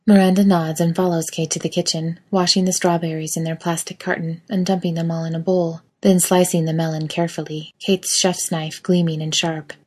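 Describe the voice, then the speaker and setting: A woman reading an intimate audio story as narrator, softly and slowly. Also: fairly low pitch, little pitch movement.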